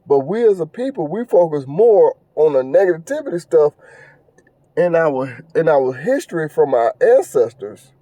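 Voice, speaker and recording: Earnest, preachy man with a dark tone. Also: on the high side, big pitch swings, normal speed, no echo. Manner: earnest, preachy, repeats phrases, stumbles with fillers. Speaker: podcast host. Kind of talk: casual monologue commentary.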